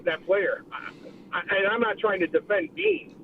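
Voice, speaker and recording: High voiced guy calling the radio show, lots of uhs, phone line sound, a bit of hiss. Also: sing-song. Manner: halting, many uh fillers. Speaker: caller. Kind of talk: call-in radio comment.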